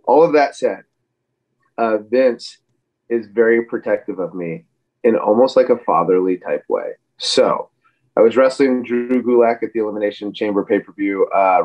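A man's voice: fairly low pitch, muffled recording. A man in his forties, a guest on a podcast, talking casually and rambling with many fillers and restarts. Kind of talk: casual interview chat.

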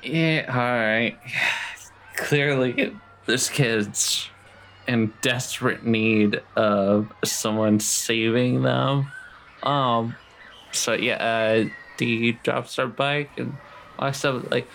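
A woman's voice: a bass voice, fairly even intonation, very slow, a bit bright, a little hiss or hum, low-quality recording. A British woman playing a tabletop role-playing game, laid-back and wry. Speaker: player.

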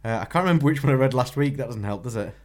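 Easygoing podcast host, laughing often. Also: male voice, medium pitch, expressive, very fast, darkish tone. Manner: laughs easily, stumbling restarts. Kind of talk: casual chat.

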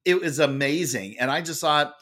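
A man telling a story as a podcast guest, with a loud and lively manner. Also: fairly high pitch, normal speed. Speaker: guest, author and speaker. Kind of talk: animated storytelling in a podcast interview.

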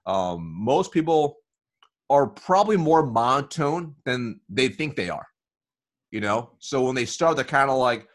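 A man being interviewed as a sales coach, explaining in an energetic conversational way, often checking in with "right?" and "you know". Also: mid-range voice, moderate pace.

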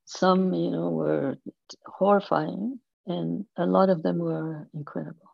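A woman in her eighties, an interview guest telling stories slowly and thoughtfully, laughing softly now and then. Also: fairly low pitch, steady tone, creaky, no echo, highs cut off. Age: 80s. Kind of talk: storytelling in conversation.

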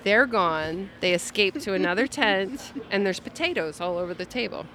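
A woman guest telling a travel story in casual chat, wry and relaxed. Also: mid-range voice, moderate pace.

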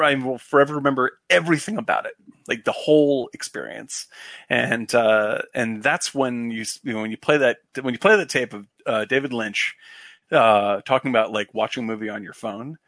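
A man's voice: mid-range voice, fairly bright tone, no room sound, studio quality. Rambling, profane man in casual chat. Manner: rambling, profane, many fillers and restarts.

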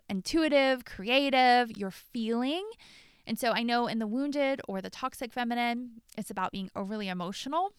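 This young woman, a coach, opens up about where she's gone wrong in a thoughtful podcast monologue, leaning heavily on "like" and "you know." Her voice is mid-range and smooth, captured in a dry, clean studio recording.

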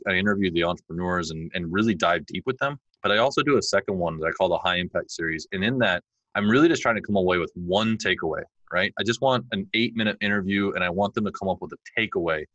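A man in his forties, a podcast guest, chatting and telling animated stories where he acts out his kids' lines. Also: deep voice, fast, no room sound, dull audio. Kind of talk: conversational interview.

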